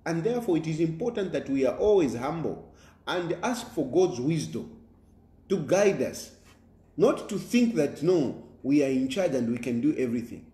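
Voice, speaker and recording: A Zambian politician delivers a forceful, preaching monologue, repeating his points and stumbling through fillers. His fairly high voice swings up and down a lot, and the room around him rings with echo. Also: animated, normal speed. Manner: emphatic, repetitive, preaching tone with many fillers.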